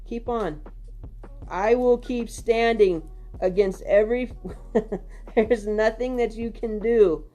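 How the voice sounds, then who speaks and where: A woman's voice: a little high, takes it slowly, pauses often, mellow. A woman scolding her critics in a defiant way. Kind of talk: heated livestream rant.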